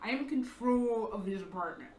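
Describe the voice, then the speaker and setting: A young American woman casually telling a story at home, profane and animated, acting out the people she quotes. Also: fairly high pitch, brisk, reverberant, a little hiss or hum. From United States. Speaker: vlogger. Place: her apartment.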